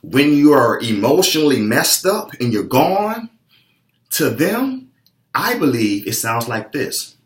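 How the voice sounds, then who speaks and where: Male fitness coach, preachy motivational delivery, lively pitch, roomy echo. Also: slow pace. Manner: emphatic, preachy, acts out clients' voices. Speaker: fitness trainer. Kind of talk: motivational talk. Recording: echoey room.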